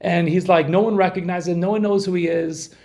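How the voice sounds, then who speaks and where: A man's voice: high voice, steady tone, a little fast, vocal fry, a little mellow. A man giving an informal Torah talk to a group, chatting and putting questions to his listeners. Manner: conversational, questions the audience, many restarts. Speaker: Torah class speaker.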